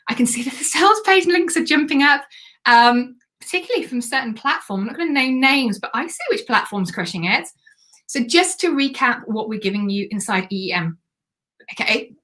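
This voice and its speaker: A woman hosting a live stream as a business coach, chatty and excitable while pitching a program. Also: normal speed. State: has the hiccups.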